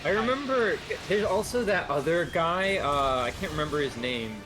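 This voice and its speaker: A man chatting casually on a game stream, telling stories lively and mimicking people as he goes. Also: a little high, normal speed, music in the background. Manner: animated storyteller who mimics people. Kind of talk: casual storytelling chat.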